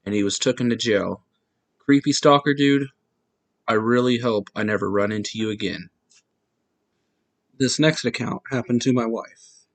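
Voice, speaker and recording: A man's voice: medium pitch, no echo, rough recording. A man hosting a podcast, plainly reading true-story accounts in the first person.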